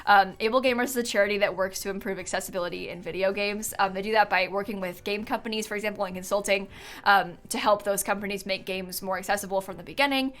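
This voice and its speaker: Speaking fast in a mid-range voice that's a bit bright, with fairly even intonation, a woman streamer talks casually while building in a game. She's tired and yawns now and then, thinking aloud with many fillers and giggling a lot.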